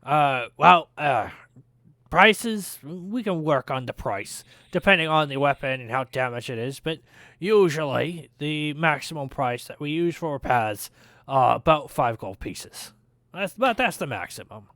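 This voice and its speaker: A man's voice: a little high, lively intonation, a little slow, fairly bright tone, no room sound, studio quality. Man doing a hearty dwarf smith. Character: jovial male dwarf smith, hearty and helpful.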